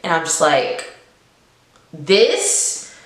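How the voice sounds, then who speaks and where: A woman giving a casual book review on her vlog, chatty and laughing often, her voice jumping up when she gets excited. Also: deep voice, drawn-out words. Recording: very echoey room.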